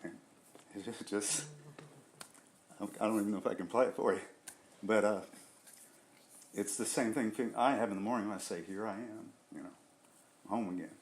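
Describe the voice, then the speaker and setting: Earnest low-voiced man, halting speech. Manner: halting, restarts often, searches for words; earnest and heartfelt. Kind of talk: casual group discussion. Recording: echoey room.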